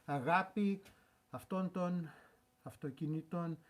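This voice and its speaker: High-voiced man reading from off-mic. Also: unhurried. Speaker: helper reading a comment aloud. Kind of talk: reading aloud. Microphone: off-mic, away from the microphone.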